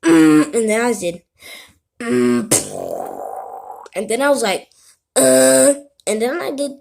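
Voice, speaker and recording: A woman's voice: on the high side, expressive, fast, background noise. A woman talking to camera in a casual, rambling way, breaking off her own story and apologizing as she goes. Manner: rambling, self-interrupting, keeps apologizing. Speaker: vlogger.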